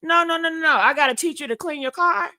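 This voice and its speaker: A woman hosting a casual chat show tells her dating stories with blunt, sassy humor. Her voice sits high and rings bright, and she keeps calling the listeners girl and honey. She swears freely and breaks into laughter. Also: quick pace. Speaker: podcast host.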